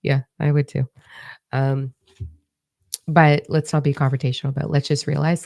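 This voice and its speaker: Low, gravelly woman giving a spiritual forecast. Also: flat delivery, fairly quick, warm tone. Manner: frank and encouraging, swears freely. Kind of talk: casual spiritual forecast, reading viewer comments.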